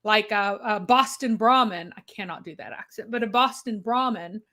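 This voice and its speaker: A woman co-hosting a live discussion, explaining points emphatically with quick asides. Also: medium pitch, pushed and bright. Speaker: co-host.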